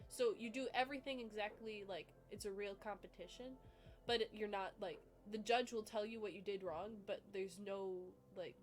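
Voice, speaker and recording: Faint music sits behind a young female vlogger's mid-range, moderately paced voice. Watching her own dog competition video, she rambles and giggles casually, leaning heavily on fillers.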